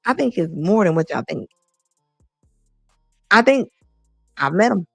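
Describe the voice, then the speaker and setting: Blunt gravelly woman commentator. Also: on the low side, very animated, measured pace, dry recording, faint music behind. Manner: blunt, emphatic, repeats lines for effect. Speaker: commentary host. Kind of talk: casual reaction commentary.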